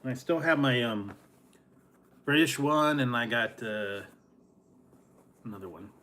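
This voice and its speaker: A man's voice: mid-range voice, unhurried, pushed and bright, a little hiss or hum. A man hosting a casual food review vlog, rambling and chuckling often.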